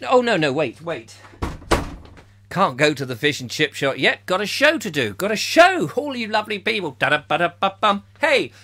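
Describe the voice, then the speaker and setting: A man's voice: sits high, big pitch swings, normal speed, sharp tone. A middle-aged man from England hosting a comic live chat show, rambling and joking while reading out viewers' comments. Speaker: host.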